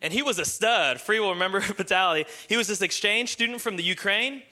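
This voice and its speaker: Young man, pastor, sermon, high voice, forceful tone, joking, animated storytelling. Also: brisk. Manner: animated, joking, breaks into excited impressions.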